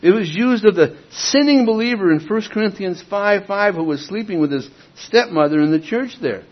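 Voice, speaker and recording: A man preaching in a husky, slightly raised voice that swings widely as he stresses key words. He reads scripture and talks it over in a casual, emphatic way. The recording is dull and lo-fi. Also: sits high, animated, moderate pace, hardly any pauses. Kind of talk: expository Bible teaching.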